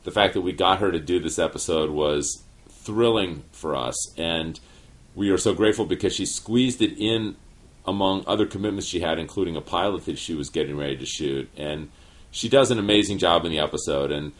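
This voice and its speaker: A middle-aged man co-hosting a casual podcast chat, measured and given to hesitant restarts. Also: low voice. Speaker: podcast co-host, show writer.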